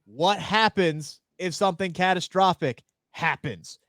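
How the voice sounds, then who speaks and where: A man co-hosting a casual wrestling podcast, opinionated and animated, swearing freely into a close mic. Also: high voice, measured pace, no room sound. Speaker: podcast co-host.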